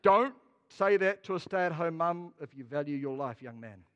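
A man's voice: on the high side, normal speed, clean tone, in a large hall, muffled recording. A man with a New Zealand accent preaching a sermon as a pastor, telling stories with jokes. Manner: storytelling, jokey, lively.

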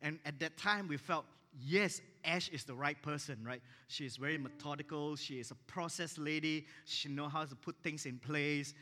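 Man pastor, animated sermon storyteller, bright voice, long reverb of a church hall. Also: on the high side, normal speed, hardly any pauses. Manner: animated, acts out dialogue in his stories.

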